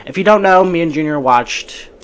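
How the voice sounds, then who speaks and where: A man's voice: a little high, lively intonation, moderate pace. Casual chatty man hosting a podcast. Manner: chatty, breezy opinions with frequent restarts. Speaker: podcast host. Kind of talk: casual movie podcast chat.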